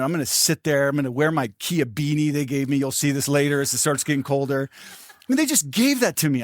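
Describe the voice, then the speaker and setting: An older male pastor delivers a sermon with lively storytelling, slipping into voices for the people he quotes. His voice sits a little high for a man. The sound is dry and close, with no room around it. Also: dry recording.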